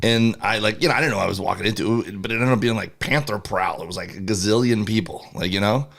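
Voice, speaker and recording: A man's voice: lowish voice, fast, gravelly, fairly bright tone. A young man co-hosting a podcast, telling a rambling story in casual chat and acting out the people in it. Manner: rambling storyteller, acts out quoted voices. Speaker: podcast co-host.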